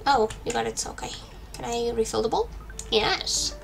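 Gravelly-voiced woman chatting while gaming. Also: on the high side, expressive, moderate pace, faint music behind. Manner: chatty, talks to herself while playing. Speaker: gaming streamer. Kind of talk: casual let's-play commentary. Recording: faint background noise.

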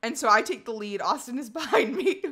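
A woman co-hosting a casual chat, telling an animated story with frequent laughter and sarcastic asides. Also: on the high side, brisk, slightly rough. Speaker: podcast co-host.

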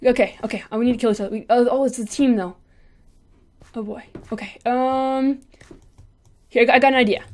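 Excitable high-voiced woman gaming. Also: fairly quick, pauses often. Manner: excitable, chattering to herself and taunting opponents. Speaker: gaming channel host. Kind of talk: live gameplay commentary.

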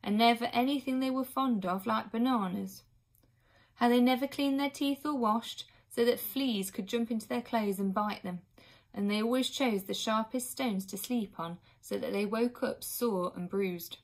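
A woman reading a children's book aloud expressively, now and then pausing for an aside to her listeners. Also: on the high side. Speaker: reader.

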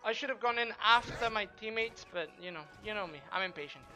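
Brash, bright-voiced gaming streamer man. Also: high-pitched, soft background music. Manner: brash, profane, quick to trash-talk; excitable shouts during fights. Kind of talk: live gameplay commentary.

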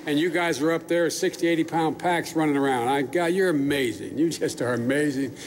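An older man speaks at a podium in a large hall, and his fairly high voice rings out with a long reverb. He talks in a folksy, rambling way, breaking off for asides and starting sentences over. A faint hiss sits under the recording. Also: a little fast. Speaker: speaker addressing troops. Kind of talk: public speech.

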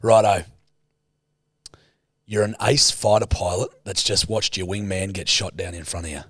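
A man's voice: low voice, fairly even intonation, normal speed, a bit bright, dry recording, clean studio sound. A man co-hosting a casual podcast, teasing his co-host and swearing freely.

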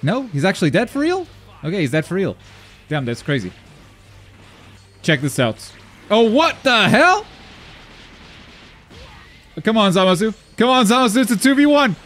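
A gaming YouTuber with a slightly high voice commentates his own online game live as he plays. He talks to himself excitably, muttering asides and then yelping loudly when things go wrong.

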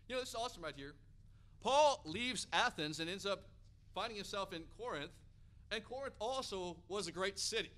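A man from Hawaii preaching a sermon, an energetic, animated storyteller. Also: high-pitched, normal speed. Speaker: pastor.

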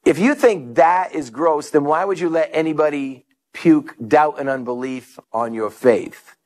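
High-voiced storytelling male pastor. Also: a little slow. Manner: storytelling preacher, animated, acts out quotes. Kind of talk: sermon.

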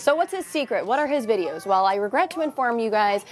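A woman anchoring the news from a studio desk, her voice sitting a little high. She reads a light story with a playful, wry edge and keeps teasing her co-hosts. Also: expressive, fast.

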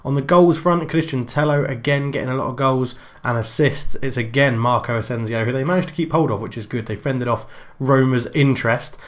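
A man's voice: medium pitch, brisk. Chatty man commentating a game. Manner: chatty, thinking aloud with fillers and self-corrections. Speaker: gaming channel host.

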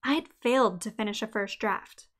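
A young adult woman hosting a podcast, reading a scripted episode in an upbeat, clearly enunciated way. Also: mid-range voice, a little fast, fairly bright tone. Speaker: podcast host.

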